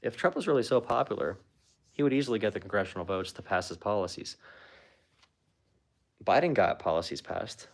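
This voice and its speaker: Low-voiced dude talking politics, blunt and sarcastic, says "like" a lot, very casual. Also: male voice, animated, fairly quick, long pauses. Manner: sarcastic and blunt, with frequent "like" fillers. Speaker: political commentator. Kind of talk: casual chat.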